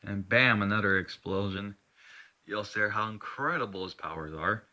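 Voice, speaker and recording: Low-pitched man with a very bright, forceful tone, rambling loosely through an improvised story. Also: normal speed. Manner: rambling, swears, restarts and self-corrections. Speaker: storyteller narrating his own hero story. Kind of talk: casual improvised narration.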